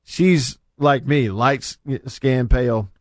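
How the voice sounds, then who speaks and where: A man hosting a radio show, ranting and bantering in a casual, animated way from the studio. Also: slow, no echo. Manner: animated, rants with big pitch jumps.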